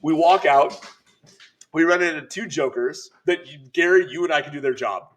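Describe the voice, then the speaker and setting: Upbeat man telling an animated story. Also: fairly high pitch. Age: middle-aged. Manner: animated, laughing storyteller with quick asides. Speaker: podcast co-host. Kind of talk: casual chat, storytelling.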